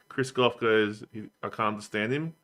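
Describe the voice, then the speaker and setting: An Australian man co-hosting a podcast, telling rambling, animated stories in casual chat. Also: on the low side, measured pace. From Adelaide, Australia. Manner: rambling, animated storytelling with mimicry. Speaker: podcast co-host.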